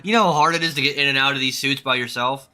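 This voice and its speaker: A man's voice: mid-range voice, quick pace, pushed and bright. A young adult man streaming a game with casual commentary, loose, joking and profane. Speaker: gaming streamer.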